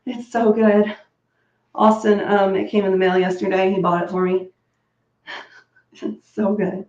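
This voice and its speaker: A woman's voice: mid-range voice, level tone, a little slow, a little mellow, reverberant, dull audio. A woman chatting casually while getting ready at home, bubbly and rambling, laughing often and prone to coughing fits. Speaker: beauty vlogger. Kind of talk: casual chat.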